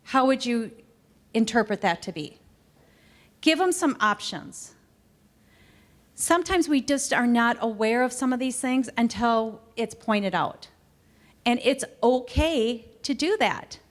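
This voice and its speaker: Lively middle-aged woman giving a training talk. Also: a little high. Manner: conversational, animated, acts out quoted exchanges. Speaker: customer service trainer. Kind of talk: training presentation. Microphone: recorded to camera.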